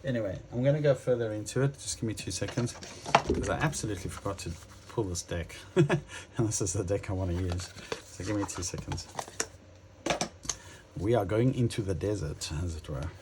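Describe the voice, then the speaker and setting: A man giving a casual tarot reading to his viewers, musing aloud with many pauses and restarts. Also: fairly low pitch, background noise. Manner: addresses viewers directly. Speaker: tarot reader.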